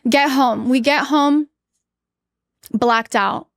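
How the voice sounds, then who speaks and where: Speaking very slowly in a high voice, a woman in her thirties appears as a podcast guest, earnestly recounting something personal. The studio sound is clean with no echo, and she's candid, acting out what people said, her own words included.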